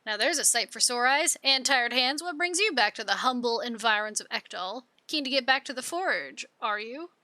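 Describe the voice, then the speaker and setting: A woman's voice: on the high side, animated, moderate pace, few pauses, bright, forceful tone, no room sound. A woman voicing a talkative engineer who speaks in an upbeat, chatty way. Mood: cheerful. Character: cheerful engineer, keen and talkative.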